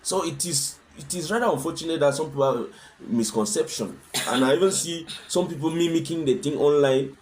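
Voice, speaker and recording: A man's voice: fairly high pitch, brisk, few pauses, darkish tone, a little hiss or hum. A man talking as a guest in a conversational interview, earnest and fond of rhetorical questions. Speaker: husband sharing his experience as a guest.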